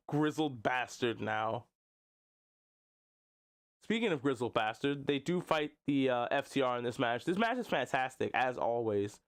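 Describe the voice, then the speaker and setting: A man's voice: medium pitch, smooth. A man hosting a live stream, talking casually about wrestling with plenty of jokes and laughter. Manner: jokey, laughing often, drops into silly voices. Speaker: wrestling podcast host.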